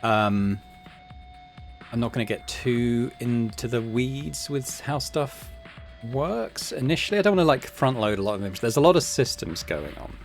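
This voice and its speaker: A man's voice: mid-range voice, expressive, normal speed, faint music behind. A man hosting a casual let's-play, chattily explaining game systems with many fillers. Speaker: gaming channel host.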